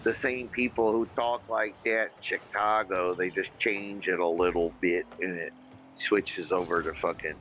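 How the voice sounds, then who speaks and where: A man's voice: deep voice, fairly even intonation, unhurried, fairly bright tone, a little hiss or hum, rough recording. A man hosting a casual livestream, rambling and swearing freely as he reads viewer comments aloud. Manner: rambling, profane, emphatic. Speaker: livestream podcast host.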